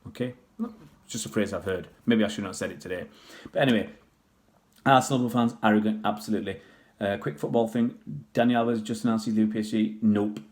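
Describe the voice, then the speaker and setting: A man's voice: fairly low pitch, steady tone, brisk, a little mellow. A man from Pakistan, raised in England, chatting casually on a livestream and answering viewers' questions in a rambling way. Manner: rambling, chatty, many restarts and fillers.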